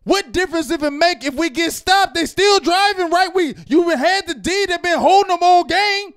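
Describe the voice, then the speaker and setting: Guy with a really high voice going off about the game, loud and worked up, twang, yells sometimes. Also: expressive, moderate pace, hardly any pauses. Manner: loud, fired-up, repetitive, yells at times. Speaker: sports reaction show host. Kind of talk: heated fan rant.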